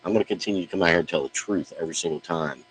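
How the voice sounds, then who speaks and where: A middle-aged man with a very low voice rants straight to camera, brash and full of swearing. He often repeats his first words before getting a sentence going. A faint mains hum runs behind him. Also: very fast, low-quality recording. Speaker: online wrestling promo talker. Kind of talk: blunt direct-to-camera rant.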